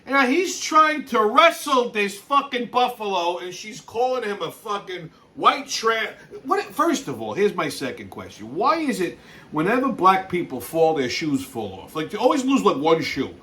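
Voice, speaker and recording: A man's voice: high-pitched, sing-song, moderate pace, pushed and bright, recorded from a distance. A man hosting a show, ranting with lots of profanity and exasperation about a video clip, laughing in between. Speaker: host.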